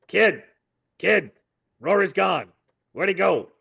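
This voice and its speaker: A man's voice: medium pitch, expressive, moderate pace, creaky, a bit bright. A man voicing a bossy male bird companion who scolds and fusses. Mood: alarmed. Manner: fussy, scolding. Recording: dull lo-fi audio.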